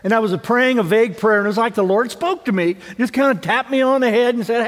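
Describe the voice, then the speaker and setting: This high-voiced male pastor moves quickly through his sermon with few pauses, talking casually, asking rhetorical questions and regularly stumbling back over his phrasing. The church's long reverb hangs after each phrase.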